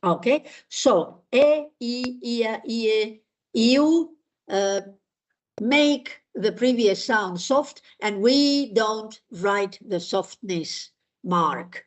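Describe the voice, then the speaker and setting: Slow-speaking woman teaching pronunciation. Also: fairly high pitch, animated. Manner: patient, explains with many pauses and fillers. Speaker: language teacher. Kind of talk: online language lesson with repeat-after-me drills.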